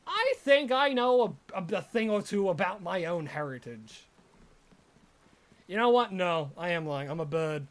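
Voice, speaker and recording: A playful Australian streamer rambling through a live game session, with a voice that jumps all over the place. Slow, drawn-out delivery that erupts into loud, excited shouts. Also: mid-range voice. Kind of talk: live gameplay stream chat.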